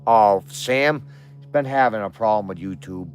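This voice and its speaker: A man hosting a casual livestream from outdoors at home, chatting with viewers and cooing softly to his dogs. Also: lowish voice, normal speed, soft background music. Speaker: livestream host. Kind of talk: casual live chat.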